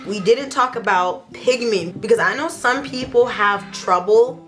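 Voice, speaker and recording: A young woman in a casual beauty review vlog, talking playfully and gushing with excitement. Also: on the high side, a little slow, faint music behind. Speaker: beauty vlogger.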